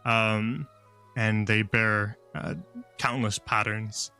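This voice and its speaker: A man narrating a tabletop game as game master, rambling and filling pauses with "uh" and "um". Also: on the low side, level tone, bright, forceful tone, smooth, soft background music. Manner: rambling, full of fillers.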